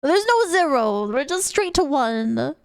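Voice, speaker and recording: Young British woman, high voice, unhurried casual stream chat, giggly, close dry mic. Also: big pitch swings, creaky, dry recording. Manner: chatty, giggly, greets chat members. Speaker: VTuber streamer.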